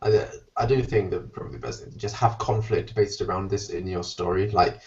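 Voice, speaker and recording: A non-American man hosts a loose, joking podcast chat. His voice sits fairly low and comes across distant and muffled, as if heard over an online call. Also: steady tone, darkish tone. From outside the United States. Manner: rambling, chatty, quick to joke. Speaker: podcast host.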